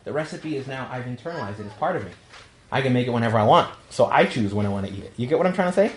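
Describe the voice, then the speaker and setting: A priest with a New York accent giving a talk to young adults, telling jokey stories and acting out quotes. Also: male voice, medium pitch, expressive, racing, reverberant, a little hiss or hum. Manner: storytelling, jokey, acts out quotes. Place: meeting room.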